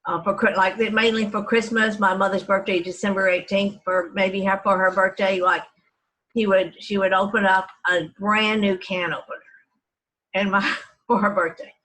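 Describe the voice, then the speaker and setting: A woman's voice: mid-range voice, flat delivery, moderate pace, fairly bright tone, rough recording. An older woman from Texas reminiscing about her childhood family, meandering through her memories with frequent restarts and self-corrections. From Dallas, Texas. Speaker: family storyteller. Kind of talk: reminiscing oral history.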